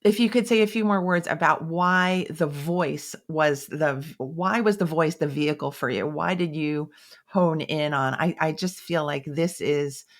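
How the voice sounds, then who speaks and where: A woman's voice: low-pitched, unhurried. A woman hosting a podcast, asking thoughtful questions while searching for her words. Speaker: podcast host. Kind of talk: interview questions.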